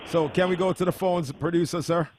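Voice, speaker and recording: A man's voice: fairly high pitch, fairly even intonation, brisk, a little mellow, a little hiss or hum. A man hosting a casual afternoon radio show, bantering and laughing with his producer. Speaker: radio host.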